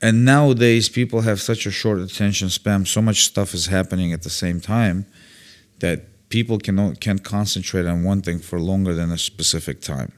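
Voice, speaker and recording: His voice sits low and moves at an ordinary speed as he trades stories in a relaxed talk, a comedian on as a guest. Opinionated and blunt, he animatedly performs other people's lines and curses freely.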